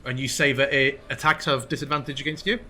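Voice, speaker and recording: A man acting as game master, narrating combat in a relaxed, playful way. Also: mid-range voice, fast, a little hiss or hum. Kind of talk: running a tabletop game online.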